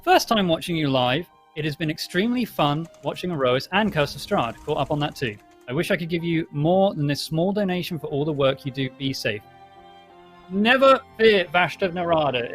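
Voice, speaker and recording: A man hosting a live stream, chattily thanking viewers and reading out their donation messages. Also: fairly high pitch. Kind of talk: casual stream chat.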